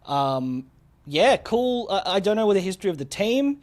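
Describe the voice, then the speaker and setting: A man's voice: high-pitched, very animated, moderate pace, a little mellow. A man co-hosting a gaming podcast, upbeat and enthusiastic, with lots of ums and uhs. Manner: upbeat, many fillers, enthusiastic. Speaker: podcast co-host. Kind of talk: casual chat.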